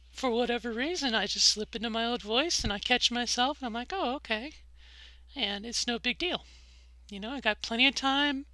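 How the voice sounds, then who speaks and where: Candid middle-aged woman, bright and dry. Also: a little high, no room sound, low-quality recording. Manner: rambling, candid, with frequent fillers and restarts. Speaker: vlogger. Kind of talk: candid personal vlog.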